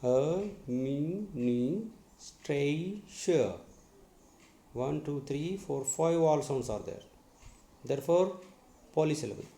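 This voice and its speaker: A male English teacher giving a lesson, spelling words letter by letter and repeating each one slowly. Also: a little high, vocal fry, mellow. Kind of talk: classroom lesson on syllables. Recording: echoey room.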